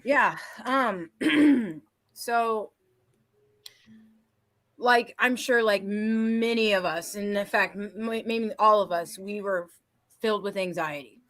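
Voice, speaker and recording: A woman with a mid-range voice talks through her thoughts on a discussion panel. She pauses and restarts often as she works her way to the point. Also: mid-range voice, fairly bright tone. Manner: hesitant, lots of fillers and restarts.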